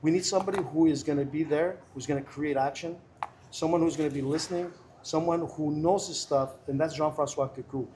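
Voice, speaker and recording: A man's voice: on the high side, steady tone, brisk, mellow, slight background noise. A middle-aged man talking earnestly and emphatically as a candidate guest in a casual interview. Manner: emphatic, earnest and persuasive, many restarts.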